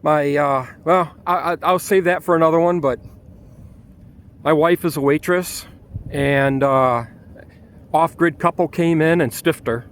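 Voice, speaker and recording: A man's voice: a little high, a little slow, pauses often. A man ranting outdoors in a vlog with an angry, exasperated manner and frequent restarts, with a Michigan accent. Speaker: vlogger.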